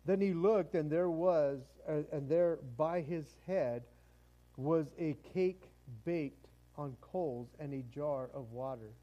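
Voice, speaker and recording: High-voiced, mellow-toned preaching man. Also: slow, highs cut off. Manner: conversational preaching with frequent stammered restarts. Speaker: pastor. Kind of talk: sermon.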